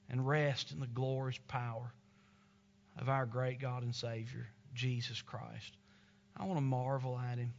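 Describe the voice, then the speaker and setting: A man's voice: medium pitch, fairly bright tone. Male pastor, emphatic sermon delivery, somewhat lo-fi sound. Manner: earnest, emphatic, tender. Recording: slightly dull lo-fi recording.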